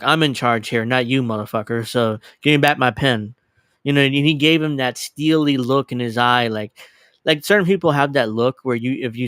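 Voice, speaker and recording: A man's voice: medium pitch, fairly bright tone, smooth, dry recording. A man hosting his livestream, giving casual, profane, sarcastic commentary on a clip and laughing often. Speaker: livestream host.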